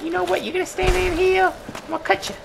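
A cocky mock-tough fighter, as a man puts him on, snaps threats in a high, quick, taunting voice. Game sounds run loud behind him. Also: flat delivery, creaky, noisy background.

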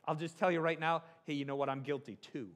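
His voice sits on the high side, steady in tone and a bit bright, and he talks fast. The middle-aged pastor jokes his way through a conversational sermon, repeatedly asking the room "right?".

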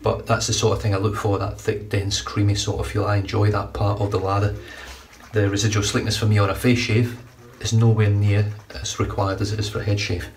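A man's voice: lowish voice, flat delivery, fairly quick. A man casually reviewing shaving products, chatty and enthusiastic, a little rambling. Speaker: shaving vlogger. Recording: distant mic, faint room noise.

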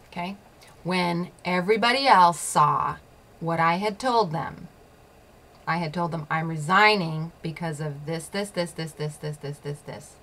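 A woman's voice: low-pitched, fairly bright tone, a little hiss or hum. A woman hosting her own show, telling a personal story in a blunt, profane way and laughing often. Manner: repeats phrases for emphasis. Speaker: show host.

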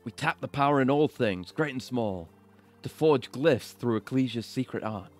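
A man's voice: mid-range voice, animated, moderate pace, soft background music, close to an everyday voice. A man reading the lines of a stern older male mentor in a formal, grave way.

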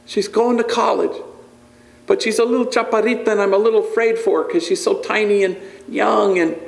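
A man's voice: high voice, fairly even intonation, brisk, gravelly, roomy sound, voice pushed up, poor audio. A man voicing a proud, worried father who is a former gang member, tender and pleading in a raised voice.

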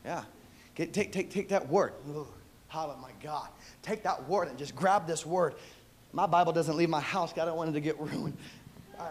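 Male pastor, very high voice, fiery sermon with shouted refrains and joking asides. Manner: preaching with shouted, repeated refrains and playful asides.

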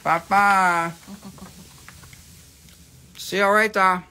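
Man, live sales host, playful put-on voice, raised pitch, salty banter. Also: fairly even intonation, extremely slow, sharp tone, a little hiss or hum. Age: adult with a daughter. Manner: playful salesman patter with a put-on joke voice and cursing. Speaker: host selling crystals on a live stream. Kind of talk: live sales stream chat.

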